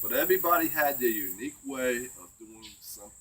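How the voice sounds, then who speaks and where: A man's voice: mid-range voice, expressive, quick pace, fairly bright tone, slightly rough. Older man spinning folksy yarns. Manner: rambling folksy yarn-spinning with tag questions. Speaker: storyteller. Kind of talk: casual outdoor chat, telling old tales. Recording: distant mic, faint crickets.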